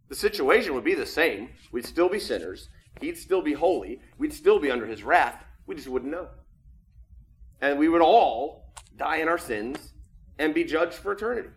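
Guy preaching a sermon, kinda high voice, chatty and earnest, gets loud then goes quiet. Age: adult with children. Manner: conversational and earnest, swinging from loud emphasis to hushed. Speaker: pastor.

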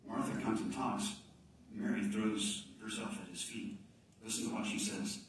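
A man preaching a sermon as pastor, swinging from loud emphasis to hushed, near-whispered lines. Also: fairly low pitch, fairly even intonation, moderate pace, slight background noise. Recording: echoey room from a distance, faint ambience.

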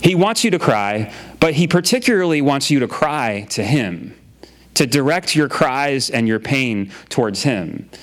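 A man's voice: mid-range voice, lively intonation, a little slow. A man preaching a sermon in a casual, conversational way, often repeating his phrases and using filler words. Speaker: pastor.

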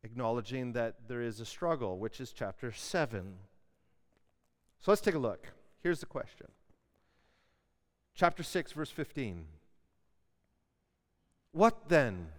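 A man's voice: medium pitch, expressive, slow pace, pauses often. A man preaching a sermon as pastor, earnest and pressing hard on key words. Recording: long hall reverb.

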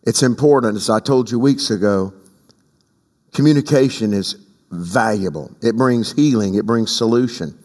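A man's voice: fairly low pitch, normal speed, darkish tone. An older man preaching a sermon as pastor, emphatic, leading the congregation in call-and-response. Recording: long hall reverb.

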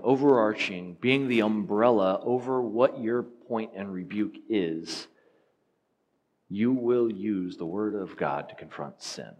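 A man preaching a sermon, teaching in an earnest, emphatic way and asking rhetorical questions. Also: fairly low pitch.

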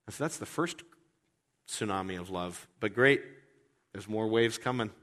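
Animated joking male preacher, hall echo. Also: on the low side, moderate pace. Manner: animated, joking, repeats words. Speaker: pastor. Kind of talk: sermon.

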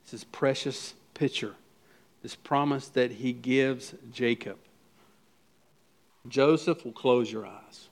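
Earnest pastor preaching with rising emphasis. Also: male voice, mid-range voice, slow, long pauses. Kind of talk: sermon.

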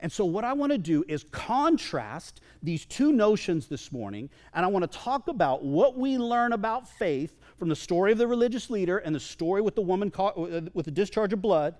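A man's voice: high-pitched, normal speed, hardly any pauses. A man preaching a sermon to a congregation, conversational and joking with the crowd. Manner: lively, conversational, jokes with the congregation. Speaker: pastor. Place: church sanctuary. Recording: long reverb of a large hall.

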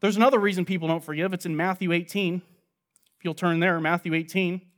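A man with a high voice delivers an earnest sermon, reading passages aloud and then explaining them. He speaks like a preacher leading a Bible study, working through the text one verse at a time. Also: steady tone, quick pace.

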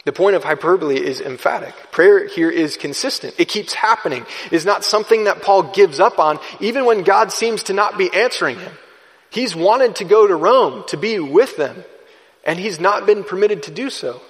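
A man delivers an earnest sermon from the pulpit, his voice sitting a little high for a man. It carries with a long reverb through the church hall. He speaks in measured phrases and now and then restarts a word. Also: expressive. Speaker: pastor. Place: church sanctuary.

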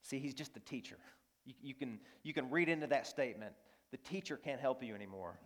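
A man's voice: mid-range voice, brisk. A man preaching a sermon as a pastor. He speaks emphatically and repeats key phrases while he tells stories.

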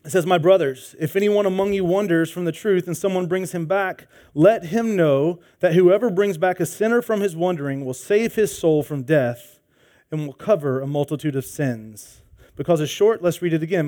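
Guy preaching at church, kinda high voice, chatty animated storyteller, acts out little voices. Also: moderate pace. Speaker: pastor. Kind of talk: sermon with personal story.

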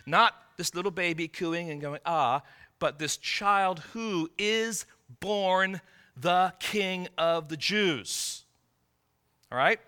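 A man's voice: on the high side, bright, forceful tone. A man preaching a sermon, teaching through a passage with rhetorical questions and frequent restarts. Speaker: pastor.

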